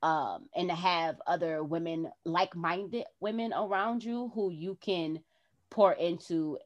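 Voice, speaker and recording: A woman's voice: on the low side, measured pace, muffled recording. A woman hosting a podcast, talking in a casual heart-to-heart way and acting out her own past words expressively. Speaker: podcast host.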